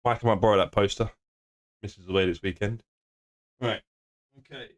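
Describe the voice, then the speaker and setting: A man's voice: on the low side, steady tone, normal speed. A man, streaming sim racing and bantering casually with his live chat, joking and laughing often. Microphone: desk streaming microphone.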